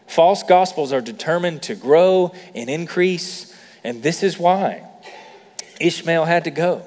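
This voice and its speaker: A man's voice: sits high, expressive, measured pace, a little mellow, in a large hall. A man preaching a sermon as a pastor, conversational with many fillers, building to emphatic peaks.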